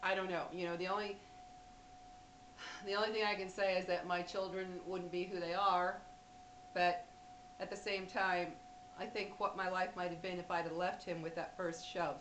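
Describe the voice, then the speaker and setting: A woman's voice: lowish voice, little pitch movement, normal speed, pauses often, a bit bright, roomy sound, slight background noise, rough recording. A woman vlogger talking straight to camera, blunt and emphatic, speaking directly to women viewers. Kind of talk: direct-to-camera advice talk.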